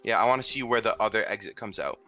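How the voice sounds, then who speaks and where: A man's voice: fairly low pitch, fast talker, sharp tone, soft background music, low-quality recording. A man playing in a tabletop game, chatting politely with the game master. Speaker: player. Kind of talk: casual tabletop game talk.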